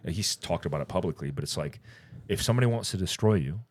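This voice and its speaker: Deep-voiced man telling a story. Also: fast, slightly rough. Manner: rambling, animated retelling with quoted dialogue. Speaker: podcast co-host. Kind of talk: casual storytelling.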